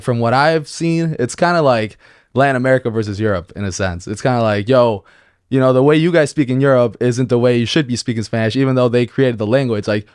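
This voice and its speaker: A man from Mexico, a podcast guest in a studio, talking in a relaxed, slangy way and laughing easily. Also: medium pitch, clean tone, no echo. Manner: laid-back, slangy, says bro and like a lot, laughs easily. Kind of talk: casual chat.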